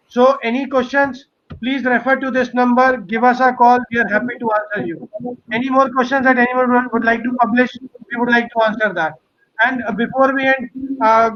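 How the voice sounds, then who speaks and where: Man, very high voice, webinar host, repetitive listing phrases, dull lo-fi call audio. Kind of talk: live webinar moderation and promotion.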